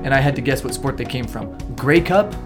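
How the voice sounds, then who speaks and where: A man's voice: medium pitch, lively intonation, over music. A man co-hosting a casual sports chat show, running a quiz game and teasing his co-host. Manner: joking, teasing, drawn-out reads of names. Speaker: podcast co-host.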